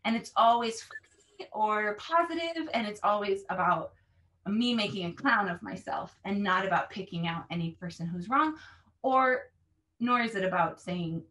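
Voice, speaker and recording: With a mid-range voice at an ordinary speed, a woman language teacher walks through how she conducts her lessons. She's animated, dramatizing phrases with exaggerated intonation, and the microphone is placed at a distance.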